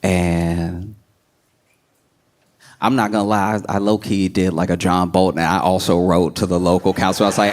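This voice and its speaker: A man doing stand-up comedy, telling a story in an animated way and jumping into put-on voices. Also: normal speed, a crowd in the background, noisy background. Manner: animated, jumps into high put-on voices, laughs a lot.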